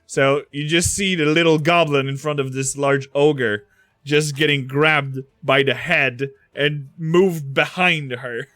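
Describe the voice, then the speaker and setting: A man's voice: a little high, fairly even intonation, slow, sharp tone, no echo. A man narrating a tabletop game as game master, laughing and hesitant with fillers.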